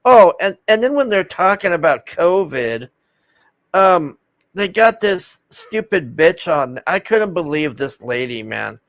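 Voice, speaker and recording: A man ranting casually to his viewers, swearing often and ending his gripes with a drawn-out "man" as his voice drops. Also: high-pitched, sing-song, no echo. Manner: profane, exasperated, trailing off with "man". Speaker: video host.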